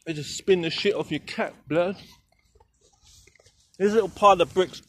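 A man's voice: high-pitched, normal speed, pauses often, fairly bright tone. A young man vlogging outdoors in a city garden in the evening, rambling in slang, swearing and joking as he films himself on a handheld camera. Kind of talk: casual walk-and-talk vlog.

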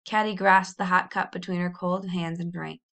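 A woman reading a children's novel aloud in a measured, expressive storybook narration. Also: fairly low pitch. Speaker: audiobook reader.

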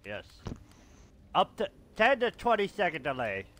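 An excitable young man streaming a game whose high, bright voice leaps all over the place as he talks. Between bursts of swearing he drawls his words out slowly. Under the talk there is a faint hum of background noise. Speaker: gaming streamer. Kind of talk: casual gaming banter.

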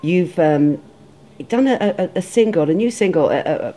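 A woman TV host interviews a guest in the studio, chatty and playful and full of hesitant fillers. Her voice sits low for a woman, and her pitch swings in a lively way. The tone turns teasing when she jokes. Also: normal speed. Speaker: TV show host. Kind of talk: TV interview chat.

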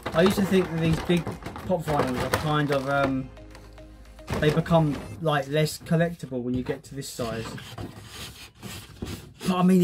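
A young man unboxing a gift, excitable and swearing often, laughing as he talks. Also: on the high side. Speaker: YouTuber. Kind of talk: casual unboxing vlog.

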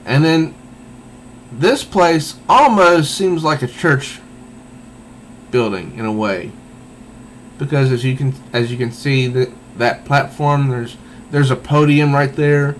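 A man's voice: mid-range voice, takes it slowly, slight background noise, poor audio. A man reviewing a comic book in a casual, meandering way, thinking aloud as he goes.

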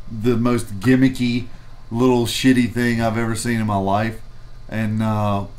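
A man co-hosting a vape review show, chatting casually and telling a rambling story with profanity. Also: medium pitch. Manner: rambling and profane, acts out quoted people.

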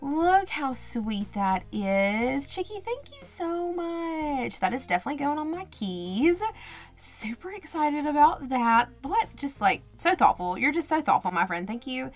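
A woman's voice: high voice, big pitch swings, a little slow, soft background music. A woman hosting a budgeting vlog, chatting casually while unboxing and gushing with gasps and little exclamations. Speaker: budgeting channel host. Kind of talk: casual unboxing chat to camera.

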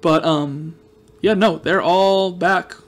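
A man with a high voice giving casual gameplay commentary as a let's-play host. He rambles and jokes, slipping into playful sarcasm as he talks to his viewers. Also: steady tone, takes it slowly.

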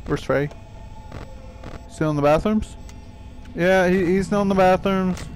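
A man's voice: high voice, a little slow, a little hiss or hum. A young man giving panicky let's-play commentary, swearing and talking to the game characters. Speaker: gaming youtuber.

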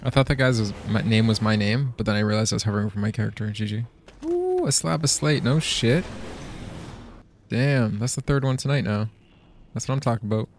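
With a lowish voice at a fairly quick pace and slight background noise, this man streams a game for his viewers. He talks casually, gets excitable, swears heavily, and laughs a lot throughout the gameplay commentary.

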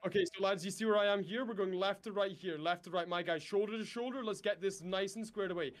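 A man's voice: sits high, fast. A man in game voice chat, leading his squad with bossy drill-sergeant orders. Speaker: player leading a unit in voice chat.

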